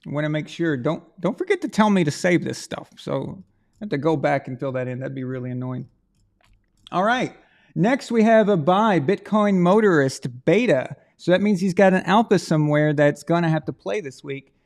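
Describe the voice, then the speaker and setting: A man's voice: a little high, lively intonation, normal speed, a little mellow. A man hosting a live stream, chatting casually and rambling to his viewers while he runs a prize draw.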